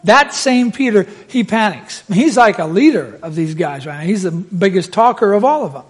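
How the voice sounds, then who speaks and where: A man preaching a sermon, telling the story with lively, acted-out voices. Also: high voice, moderate pace, slightly rough.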